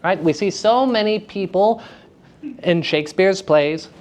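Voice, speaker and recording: A woman lecturing students on acting. She is lively and theatrical, laughs often and asks them questions. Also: mid-range voice, unhurried. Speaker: acting teacher giving a lecture. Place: school theater festival session.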